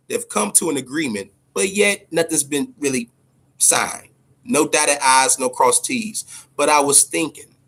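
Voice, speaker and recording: A man's voice: on the high side, bright, forceful tone. A man hosting a casual boxing livestream, talking loosely and profanely, repeating himself and answering his chat viewers. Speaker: boxing show host.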